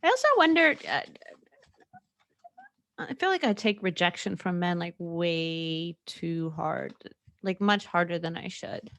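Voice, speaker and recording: A woman's voice: on the low side, animated, unhurried, a bit bright, dry recording. A young woman hosting a solo podcast, talking candidly and rambling, with frequent laughs and fillers. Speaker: podcast host. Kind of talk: casual solo podcast chat.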